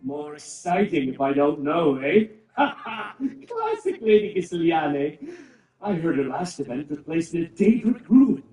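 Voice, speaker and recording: Albrecht, a high, gushing fop. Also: male voice, sing-song, a little slow, warm tone. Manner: gushing, theatrical, rambling. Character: fussy, gushing male aristocrat, vain and chatty. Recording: roomy, distant, game music behind.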